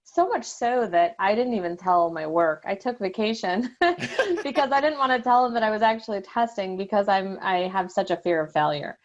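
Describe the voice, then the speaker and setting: Halting woman, dull lo-fi sound. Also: medium pitch. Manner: halting, many restarts and fillers, laughs nervously. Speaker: guest sharing her exam success story. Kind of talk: emotional podcast interview.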